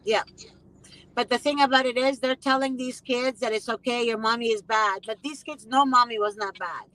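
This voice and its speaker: A woman's voice: on the high side, fairly even intonation, moderate pace, sharp tone, dry recording, poor audio. A woman hosting a casual conversation, speaking emphatically and repeating phrases with indignation. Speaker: host.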